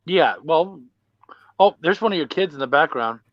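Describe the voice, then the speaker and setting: A man's voice: a little high, expressive, normal speed. Male podcast host with dull lo-fi sound. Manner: chatty, swears freely, tells stories. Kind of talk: casual chat.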